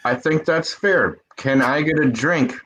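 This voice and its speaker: A man's voice: on the high side, measured pace, a bit bright. A man playing in a tabletop game, making dry, chatty asides. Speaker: player. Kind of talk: casual tabletop chat.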